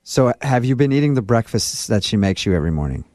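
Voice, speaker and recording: A man's voice: medium pitch, big pitch swings, fast talker, darkish tone, no echo, studio quality. A man hosting a radio show, making a prank phone call with urgent, mock-serious warnings. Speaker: radio host.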